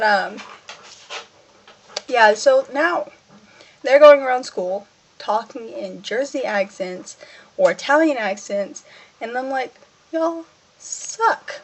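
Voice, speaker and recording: A teenage girl talking casually in a personal vlog, rambling and self-mocking, acting out what she and others said. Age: teens. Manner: rambling, self-mocking, acts out her own quotes in a higher voice. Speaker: vlogger.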